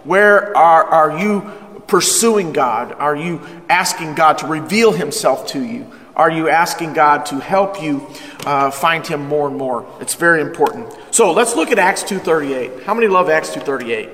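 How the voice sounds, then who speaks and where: High-voiced pastor preaching in an echoey hall. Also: male voice, normal speed. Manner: call-and-response with congregation; energetic, emphatic preaching. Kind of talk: sermon, Bible study teaching. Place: church hall with live congregation. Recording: echoey hall with long reverb.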